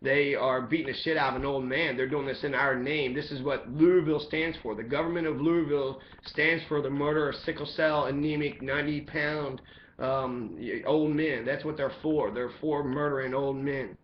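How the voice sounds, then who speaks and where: A man's voice: on the high side, fairly even intonation, moderate pace, highs cut off. A man giving an angry, profane monologue as a commentator, heated and ranting throughout.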